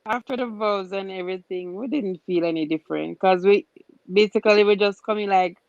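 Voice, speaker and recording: A woman guest on a video call, talking in a relaxed, unhurried way about her marriage. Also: medium pitch, vocal fry, no room sound, dull audio. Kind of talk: casual chat on a video call.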